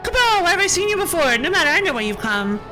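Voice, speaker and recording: A woman's voice: very high-pitched, sing-song, quick pace, music in the background, pitched above the performer's own voice. A woman voicing a small, chirpy male moogle merchant from a video game, with an eager sales patter that keeps repeating the customer's name. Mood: perky salesy.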